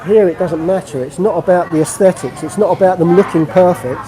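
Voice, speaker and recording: A man's voice: high voice, brisk, crowd noise, poor audio. A man from England chatting casually on a live stream while he walks through an outdoor market, explaining what he shows. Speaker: vlogger.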